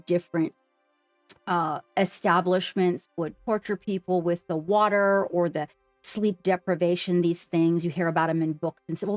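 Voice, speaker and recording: A woman's voice: on the low side, darkish tone, no room sound. A woman on a livestream, earnestly sharing her story and speaking straight to the viewers in a casual way.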